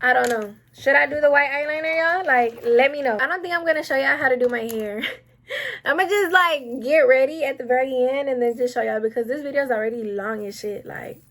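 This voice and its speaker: A woman's voice: high-pitched, brisk, a bit bright. A young woman chatting casually while doing her makeup, rambling and getting sidetracked as she gives advice. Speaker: beauty vlogger. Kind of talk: casual get-ready-with-me chat.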